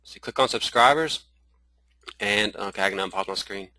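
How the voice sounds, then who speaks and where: A man with a Southern accent teaching a live screen-share webinar, talking in halting runs full of restarts and fillers. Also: lowish voice, bright, forceful tone, no echo, poor audio. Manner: halting, many restarts and fillers, addresses viewers as y'all. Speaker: online marketing trainer.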